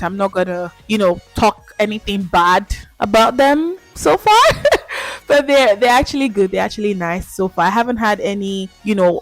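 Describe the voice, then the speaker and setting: A young woman with a Nigerian accent ranting casually to camera as a vlogger, animated and emphatic, laughing often. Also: mid-range voice, no echo.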